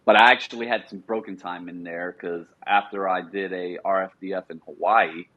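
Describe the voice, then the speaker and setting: A middle-aged man, a former Marine, telling relaxed stories as a podcast guest and acting out quoted dialogue. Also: low voice, normal speed, narrow, tinny audio. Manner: relaxed anecdotal, often acts out quoted dialogue. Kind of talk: casual storytelling.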